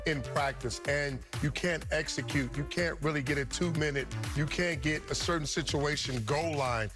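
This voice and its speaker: A man's voice: fairly high pitch, normal speed. A man working as a studio football analyst, explaining at length and restarting his sentences. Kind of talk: studio sports talk. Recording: music bed underneath.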